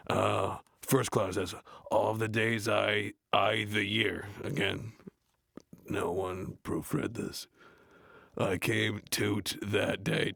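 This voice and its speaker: An actor playing a gruff, blunt adult metal frontman, reading a play aloud in a deadpan, grumbling way and mocking the text. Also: on the low side, no echo, full character voice. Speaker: reader of a play. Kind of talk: comedic read-aloud with running complaints.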